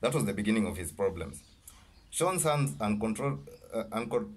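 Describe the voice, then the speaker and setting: A man reading his own novel aloud, halting and correcting himself as he goes. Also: mid-range voice, breathy edge. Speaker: author.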